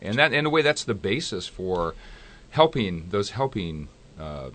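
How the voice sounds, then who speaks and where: Bright-voiced joking radio co-host. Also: male voice, on the low side, very animated, measured pace. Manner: jokey, laughs a lot, chimes in with short agreements. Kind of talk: casual radio banter. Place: radio studio.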